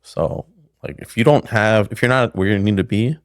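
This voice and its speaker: Podcast guest: a middle-aged man, low gravelly voice, a rambling storyteller. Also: moderate pace, dry recording, studio quality. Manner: rambling, with many restarts and "like". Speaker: podcast guest, pickle maker. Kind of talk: casual storytelling.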